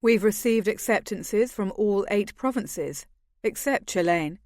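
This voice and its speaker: A woman voicing a calm, soothing young nobleman in an audiobook. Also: medium pitch, unhurried, no echo, clean studio sound, close to an everyday voice. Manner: smooth and soothing. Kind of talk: audiobook character voice.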